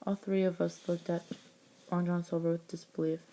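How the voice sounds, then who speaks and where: Flat, mellow woman reading her story. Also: fairly low pitch, slight background noise. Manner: halting, with frequent restarts. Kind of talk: reading a homemade story aloud.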